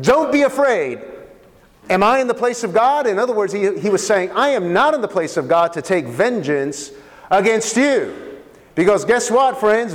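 A pastor with a high, lifted voice preaches a sermon in a church hall where a long reverb tail trails his words. He poses questions to the congregation and repeats key phrases to drive them home.

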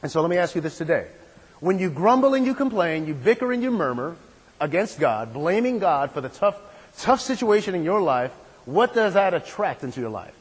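High-voiced preaching man, reverberant hall. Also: big pitch swings, brisk, slightly rough. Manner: repetitive preaching cadence, rhetorical questions. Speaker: pastor. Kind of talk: sermon.

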